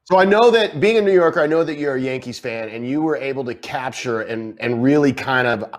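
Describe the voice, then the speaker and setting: A man's voice: mid-range voice, a little fast. A man hosting a casual interview, prompting his guest with engaged questions. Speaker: podcast host.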